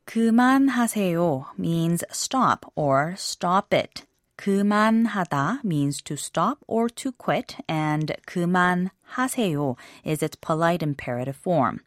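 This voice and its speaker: A woman reads a scripted language lesson. She explains each example phrase clearly and pronounces it carefully. Her voice sits fairly low, and the recording is dry and close with no room sound. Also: lively intonation, moderate pace, dry recording.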